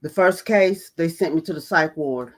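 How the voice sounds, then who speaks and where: A woman's voice: sits low, moderate pace. Woman telling a hard personal story. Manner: emphatic, repeats key phrases for weight. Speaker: host of a mental health talk channel. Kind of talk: personal storytelling to an online audience.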